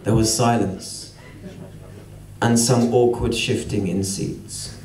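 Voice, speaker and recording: A man's voice: lowish voice, steady tone, takes it slowly, darkish tone. A man telling a wry, sardonic story as spoken-word storytelling at a live venue. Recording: roomy venue, mic at a distance.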